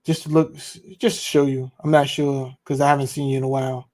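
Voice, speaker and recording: A man hosting a podcast livestream, talking in a relaxed, casual, slangy way. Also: mid-range voice, brisk. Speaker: podcast host.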